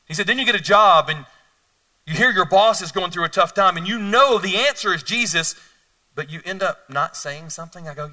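A middle-aged man preaching a sermon as a pastor, telling stories animatedly and swinging between hushed and loud delivery. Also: high voice, expressive, a little fast, distant mic.

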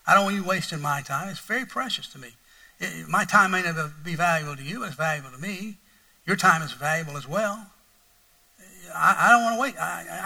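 A man's voice: fairly high pitch, gravelly, bright, forceful tone, distant mic, low-quality recording. A middle-aged man preaching a sermon as pastor, telling a folksy story with lots of repetition and bursts of mock outrage.

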